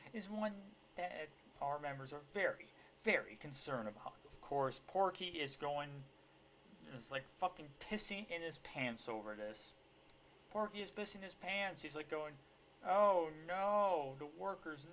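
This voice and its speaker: A man's voice: a little high, fairly bright tone, slight background noise. A man reading a news article aloud and breaking off into sarcastic, profane, heated rants. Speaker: political commentator. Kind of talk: ranting commentary on a news article.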